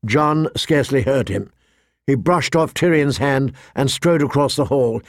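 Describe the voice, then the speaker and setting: A man narrating a fantasy audiobook in a steady, measured way. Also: medium pitch, dry recording, studio quality.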